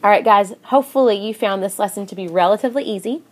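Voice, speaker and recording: A young woman teacher giving a recorded grammar lesson in a chatty way, reading example sentences in lively voices. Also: medium pitch, quick pace.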